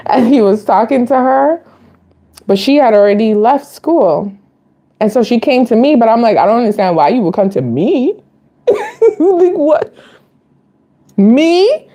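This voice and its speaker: A woman in her late thirties hosts a casual live Q&A. Her voice sits high and swings widely as she tells stories to viewers. She is chatty and confiding and often breaks into laughter. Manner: animated, laughs often while telling stories. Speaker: vlogger host.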